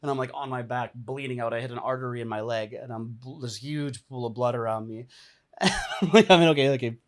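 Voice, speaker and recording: A young adult man telling a dramatic personal story in a casual interview, animated, laughing often and acting out what people said. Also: mid-range voice, brisk. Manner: animated, laughs often, acts out quoted lines. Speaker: podcast guest, entrepreneur and coach.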